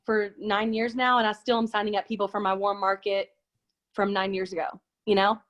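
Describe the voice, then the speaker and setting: A woman hosting a casual chat, talking fast and acting out quoted lines in big, high voices. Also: little pitch movement, a bit bright. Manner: chatty, acts out quoted lines with big pitch jumps. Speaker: host. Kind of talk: casual chat on a video call.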